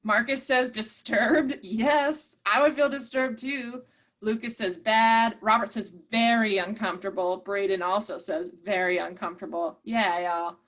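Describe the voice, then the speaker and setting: A woman's voice: medium pitch, fairly even intonation, a little slow, a bit bright. A woman leading an online workshop, encouraging and reading out participants' chat replies. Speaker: workshop presenter.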